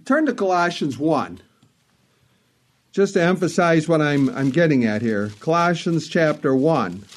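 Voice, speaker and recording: A man's voice: fairly high pitch, expressive, a little slow. A man preaching a sermon in an earnest, emphatic way, repeating phrases for stress.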